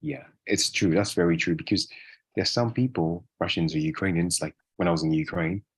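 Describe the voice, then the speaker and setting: A man chatting casually as an interview guest, relaxed and rambling, with many fillers and restarts. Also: sits low, brisk, slightly rough. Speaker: guest English speaker.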